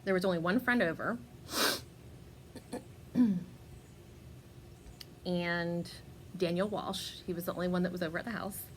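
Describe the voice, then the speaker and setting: A woman with a lowish voice tells a personal story in an unhurried, drawn-out way. She is chatty and laughs often, trailing through fillers and restarts. A faint hum of room noise sits behind her. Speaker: podcast host.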